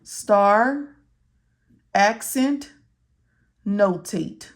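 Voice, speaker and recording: Woman instructor, unhurried, repetitive step-by-step lesson voice. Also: medium pitch, lively intonation. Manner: slow, repetitive, talks to viewers as if they can answer. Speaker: medical coding instructor. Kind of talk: study walkthrough lesson.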